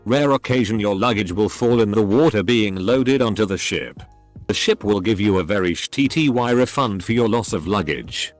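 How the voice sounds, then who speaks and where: A man narrating online posts aloud in a steady, scripted reading that spells out symbols literally. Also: fairly low pitch, moderate pace. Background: faint background music.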